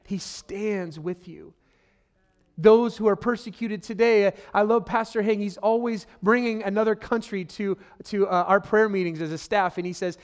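A man's voice: high-pitched, fairly even intonation, normal speed, clear, resonant tone. A man preaching a sermon as a pastor, earnest and emphatic, repeating key phrases and speaking to listeners directly as "friend.".

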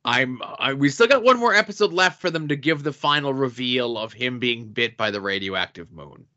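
A man's voice: medium pitch, lively intonation, normal speed, pushed and bright, muffled recording. A man co-hosting a podcast in casual chat, wry and joking, often restarting his sentences. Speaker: podcast co-host. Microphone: remote call recording.

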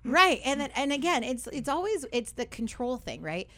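A woman's voice: sits high, sing-song, moderate pace, fairly bright tone. A young woman hosting a radio talk show in a studio, upbeat and chatty, full of fillers and tag questions.

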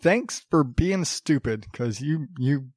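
A man's voice: on the high side, expressive, slow, a little mellow, slightly rough, no echo, clean studio sound. A man hosting a solo podcast, ranting sarcastically, rambling with frequent restarts. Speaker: podcast host. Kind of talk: casual solo podcast commentary. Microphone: podcast studio mic.

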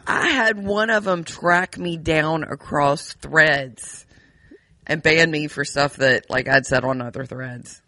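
A man's voice: a little high, slow pace, bright, forceful tone, no room sound. A man co-hosting a podcast in casual chat, laughing often and swearing freely. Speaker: podcast co-host.

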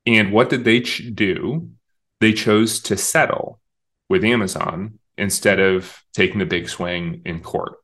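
Low-ish and a bit bright, the voice of this communications director moves at a measured pace. He is an interview guest in a conversational setting, talkative and emphatic, frequently restarting his sentences.

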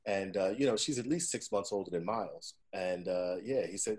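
A man's voice: low-pitched, moderate pace, darkish tone. A man in his forties hosting a casual chat, telling stories with frequent profanity and asking "right?" to keep his listener with him. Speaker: podcast host.

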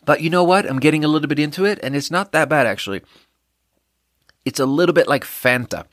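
A man's voice: on the high side, lively intonation, fast talker, a bit bright, no echo. A man hosting a podcast, chatting on his own while tasting a drink, rambling and mocking himself in an offhand way. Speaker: podcast host. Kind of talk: casual solo drink tasting chat.

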